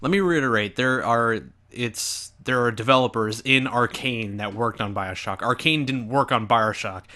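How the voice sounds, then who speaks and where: A man's voice: medium pitch, moderate pace, few pauses, sharp tone. A young man hosting a gaming channel, giving rambling, self-mocking commentary over an old video of himself.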